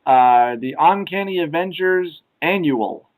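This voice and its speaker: A man's voice: fairly high pitch, lively intonation, slow pace, narrow, tinny audio. A young man co-hosting a casual podcast chat, rambling with many ums and uhs. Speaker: podcast co-host.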